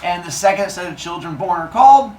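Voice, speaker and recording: A man's voice: high voice, lively intonation, a little fast, mellow, a little hiss or hum. A man teaching a class of children, retelling a myth in a playful, jokey way with silly sound effects. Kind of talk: storytelling lesson to children.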